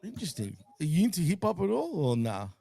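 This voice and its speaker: A man's voice: high-pitched, huge pitch swings, fast talker, vocal fry, warm tone. A man hosting a casual wrestling watch-along stream, laid-back and swearing, tacking "man" and "bro" onto his sentences. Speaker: host.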